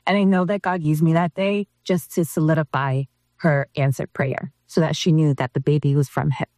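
Low-voiced woman telling an earnest story. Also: fairly even intonation, normal speed, darkish tone, dry recording, studio quality. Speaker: interview guest. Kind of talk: personal faith testimony.

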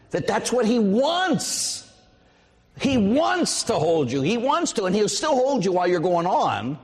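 A middle-aged man, a priest, preaching a sermon with lively storytelling and acted-out voices. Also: high-pitched, measured pace, in a large hall. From Pittsburgh, USA.

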